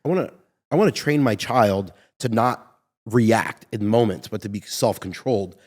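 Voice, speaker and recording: A man's voice: fairly low pitch, normal speed. A man co-hosting a casual discussion, telling personal stories in an earnest way. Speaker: podcast co-host. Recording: reverberant room.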